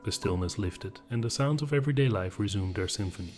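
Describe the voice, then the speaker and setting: A man narrating horror stories in an even, measured storytelling voice. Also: fairly low pitch. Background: background music.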